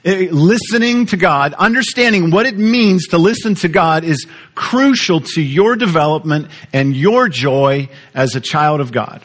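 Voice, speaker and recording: A man preaching a sermon, teaching with lively repetition and questions to the congregation. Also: a little high, measured pace, few pauses. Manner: animated teaching, repeats words, asks the audience questions. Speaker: pastor.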